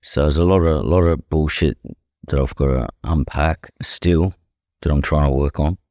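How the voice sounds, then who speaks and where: A young Australian man who boxes professionally appears as a podcast guest, recounting things in a candid, conversational way that's blunt, profane and heavy on "you know." His pitch is extremely low, his pace normal and his tone a little mellow. The audio is studio quality with no echo.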